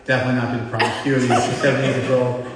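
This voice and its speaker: A middle-aged man gives a blunt, conversational spiritual lecture and keeps putting questions to his class. His voice sits at an ordinary pitch. It carries long reverb from a big hall and is picked up from some distance. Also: level tone, racing, noisy background. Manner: blunt, conversational, quizzes the audience. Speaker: spiritual teacher. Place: large hall with a live audience.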